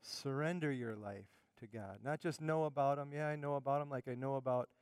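Fervent preacher with a clear, smooth voice. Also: male voice, medium pitch, fairly quick, no room sound, long reverb tail. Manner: fervent, emphatic preaching that drops to quiet asides. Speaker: pastor. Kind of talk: sermon.

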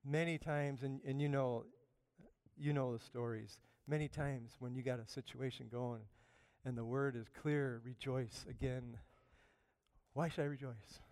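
A man preaching a sermon, animated, swinging from loud emphatic bursts down to quiet asides. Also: mid-range voice, unhurried, clean tone, dry recording, clean studio sound. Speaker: pastor.

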